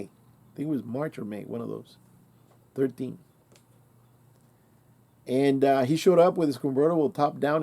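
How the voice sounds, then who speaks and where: Older man, 60s, mellow and relaxed tone; casual rambling storyteller who restarts his sentences. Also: medium pitch, gravelly. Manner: rambling, self-correcting, colloquial. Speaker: channel host.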